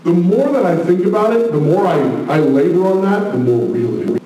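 A man preaching a sermon, passionate, moving between hushed asides and loud exclamations. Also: high-pitched, animated, a little fast, a little hiss or hum. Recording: very echoey room, mic at a distance.

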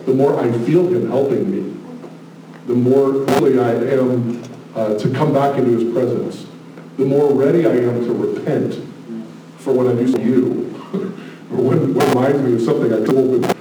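A man preaching a sermon, passionate, moving between hushed asides and loud exclamations. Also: medium pitch, moderate pace, noisy background. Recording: very echoey room, mic at a distance.

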